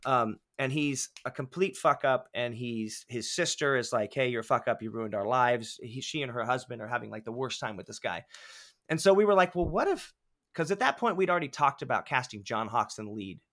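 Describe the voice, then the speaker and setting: A man on a podcast telling animated, profanity-laced stories about making films, acting out what people said. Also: mid-range voice, a little fast, hardly any pauses. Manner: animated, swears often, acts out quotes. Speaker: filmmaker guest. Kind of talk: casual podcast storytelling.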